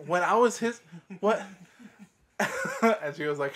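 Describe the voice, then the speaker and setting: A man's voice: a little high, animated, moderate pace, pauses often, fairly bright tone. A man co-hosting a casual podcast, swearing freely and laughing along as he tells about his mom. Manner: cusses freely, chuckles often, backchannels a lot. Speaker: podcast co-host. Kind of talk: casual chat.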